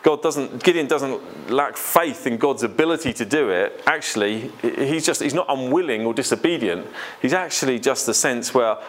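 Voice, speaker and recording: A man's voice: mid-range voice, animated, moderate pace. A man preaching a sermon, conversational and earnest, asking the congregation questions.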